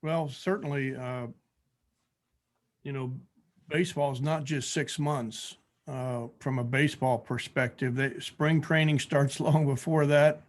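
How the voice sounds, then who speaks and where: A man, an author, answering a question on a video podcast over a video call, in a measured way with uh fillers. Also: mid-range voice, fairly even intonation. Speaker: author and guest.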